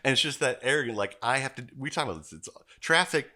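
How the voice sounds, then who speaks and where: A man's voice: mid-range voice, quick pace. A man hosting a casual podcast chat, telling profane stories with lots of mimicking. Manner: profane, animated storytelling with mimicked voices. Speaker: podcast host.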